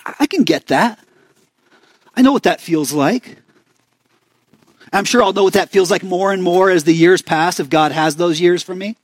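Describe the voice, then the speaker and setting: A man's voice: sits high, normal speed, no room sound. A young man with an Arizona accent preaching a sermon in a conversational way, often asking the congregation questions. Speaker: pastor.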